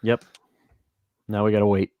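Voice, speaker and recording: A man with a fairly low voice banters on a casual podcast livestream. He jokes, quotes movies and argues for fun. The sound is dry and close. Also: flat delivery, normal speed, no echo, phone-quality sound. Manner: joking, quotes movie lines, argues playfully. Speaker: podcast co-host.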